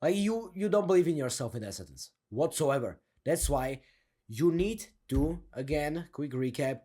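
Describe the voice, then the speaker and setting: Energetic young man coaching with lively pitch. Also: moderate pace, husky. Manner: energetic, laughing, slangy, demonstrates a deep down-turned delivery. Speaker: confidence coach. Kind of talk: casual coaching monologue.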